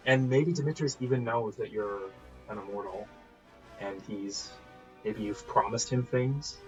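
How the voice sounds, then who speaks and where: A man's voice: fairly low pitch, a little slow. Laid-back male game master. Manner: relaxed and rambling, with frequent laughs and fillers. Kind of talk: narrating a solo tabletop game. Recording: dull lo-fi recording with faint music.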